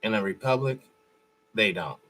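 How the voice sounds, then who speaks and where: A man's voice: on the low side, animated, normal speed, pushed and bright. A man hosting a show, giving blunt, profane and mocking commentary over a played clip. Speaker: host.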